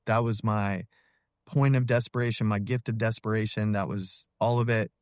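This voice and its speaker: Podcast guest, man, thirties, low voice, candid and halting, dry studio sound. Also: fairly even intonation, a little mellow, smooth, dry recording. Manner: earnest, halting, many fillers and restarts. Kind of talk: personal testimony in an interview.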